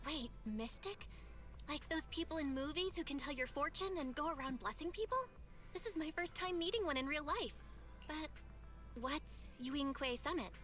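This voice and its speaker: A woman's voice: sits high, expressive, moderate pace, fairly bright tone, soft background music. An actress voicing a curious, friendly young woman in a game. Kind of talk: game voice acting.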